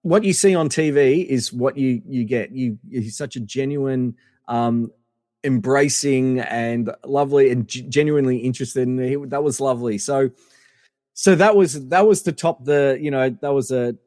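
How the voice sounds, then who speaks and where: A middle-aged man from Australia, a podcast guest telling animated anecdotes with lots of fillers and restarts. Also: medium pitch, moderate pace, dry recording, studio quality, big-room sound. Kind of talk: casual storytelling interview.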